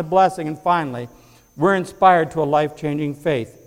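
A man preaching a sermon to his congregation, moving from quiet reflection to rising, fervent emphasis. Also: a little high, moderate pace, in a large hall. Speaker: pastor. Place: church sanctuary before a congregation.

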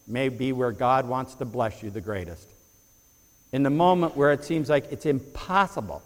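A man preaching a sermon to his congregation, moving from quiet reflection to rising, fervent emphasis. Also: sits high, in a large hall. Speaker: pastor. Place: church sanctuary before a congregation.

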